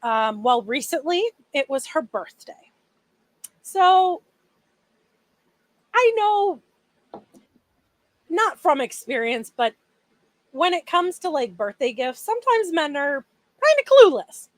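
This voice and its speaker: High-voiced woman telling a story. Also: slow pace, long pauses, no echo. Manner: animated storytelling with fillers. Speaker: podcast co-host. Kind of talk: casual chat.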